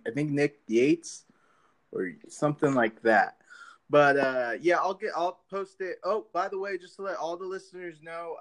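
A man hosting a podcast in casual chat, rambling loosely with many fillers and swearing. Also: mid-range voice. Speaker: podcast host.

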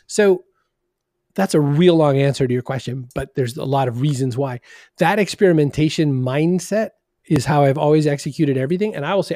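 Middle-aged male guest, slightly high, mellow voice; animated, acts out quotes. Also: quick pace, no echo, clean studio sound. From Maine. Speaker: podcast guest, marketing consultant. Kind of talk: conversational interview.

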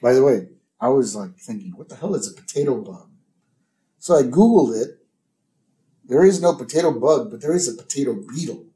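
A man with a very lively, up-and-down voice tells the story of a cartoon episode to his co-host. He is an animated storyteller and jumps into high squeals for the characters. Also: fairly quick, long pauses. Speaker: podcast co-host. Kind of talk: casual episode recap chat.

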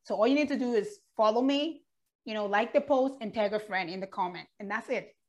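A woman's voice: medium pitch, brisk, a little mellow. A woman hosting an online show, talking in an upbeat, enthusiastic way and laughing often. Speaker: show host. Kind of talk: casual chat.

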